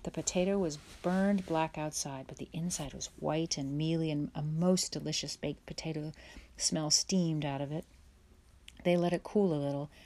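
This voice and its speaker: A woman reading a children's chapter book aloud in a gentle, measured storytelling way. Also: deep voice, slight background noise. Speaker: audiobook reader. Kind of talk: storybook read-aloud narration.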